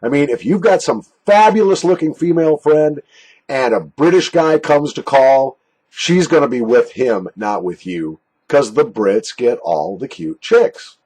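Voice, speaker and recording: A man's voice: unhurried, breathy edge, low-quality recording. A man reviewing snuff in a casual, jokey, self-mocking monologue from a basement. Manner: jokey, self-mocking, lively pitch swings. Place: basement room.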